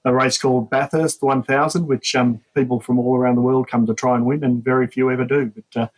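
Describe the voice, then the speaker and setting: Fast-talking Australian man, husky voice. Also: mid-range voice, steady tone, low-quality recording. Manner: chatty, explains at length. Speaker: guest. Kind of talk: casual interview chat.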